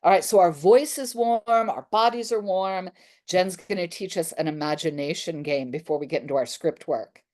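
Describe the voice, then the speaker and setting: A woman theatre teacher leading a workshop, calling out crisp exaggerated articulation drills for the group to repeat. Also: lowish voice, moderate pace, darkish tone. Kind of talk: workshop instruction with call and response.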